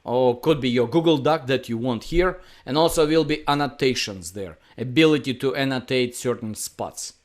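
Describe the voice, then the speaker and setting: A man explaining his software product on a casual video call, halting and searching for words. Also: medium pitch. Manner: halting, many fillers and restarts, non-native phrasing. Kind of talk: casual product demo chat.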